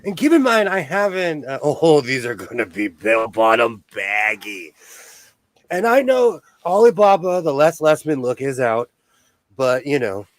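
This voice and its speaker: Man, sewing stream host, playful and exclamatory, unhurried delivery, bouncy pitch, dry close sound. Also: very animated, dry recording. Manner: playful, exclamatory, laughs often. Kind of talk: casual livestream chat.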